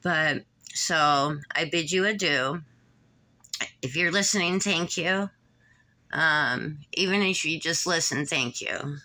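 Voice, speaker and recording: A woman from Michigan talking in a personal vlog, emotional and rambling, with halting restarts, short of breath. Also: low-pitched, bright, forceful tone. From Michigan, USA. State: short of breath, tight-chested. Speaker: vlogger.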